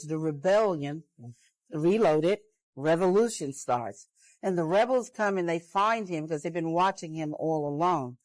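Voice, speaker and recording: A woman with a lowish voice lays out a theory as if telling a story. She is earnest and strings one idea onto the next. The sound is close and dry. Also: darkish tone, no echo, poor audio. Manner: earnest, building a long chain of ideas.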